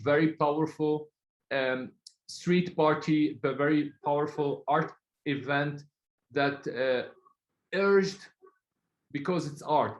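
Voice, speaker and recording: A man from Palestine, speaking as a guest in an online talk in an earnest, halting way, often searching for words. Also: on the high side, roomy sound, rough recording.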